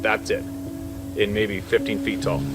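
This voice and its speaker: A man, a hunting guide, telling a wild story in a casual, animated way and swearing freely. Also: fairly low pitch, measured pace. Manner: swearing, animated storyteller who swings between hushed and loud.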